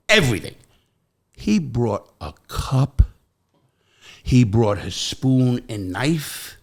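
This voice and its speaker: A middle-aged man hosting a podcast, telling stories in casual chat and jumping to loud, high quotes. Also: slow, pauses often. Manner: animated storyteller, jumps to loud high quoting. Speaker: podcast host.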